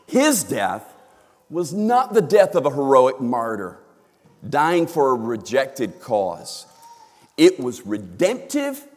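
A male pastor preaching in a church sanctuary, his lively voice leaping up for emphasis and dropping to a hush. The hall's long reverb trails after each phrase. He has a medium-pitched voice and a dramatic delivery. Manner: dramatic swings from hushed to emphatic. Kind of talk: sermon.

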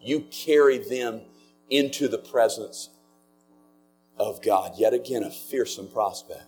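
Man, pastor, sermon, earnest, slows to stress words, mid pitch, soft music behind.

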